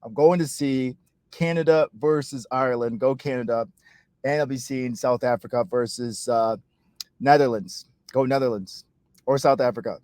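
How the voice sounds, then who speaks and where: A man's voice: medium pitch, moderate pace, a little mellow, no room sound. A man hosting a cricket channel, chatting casually and jokily from inside his car, rambling and poking fun at himself. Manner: rambling, jokey, self-mocking. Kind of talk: casual vlog chat.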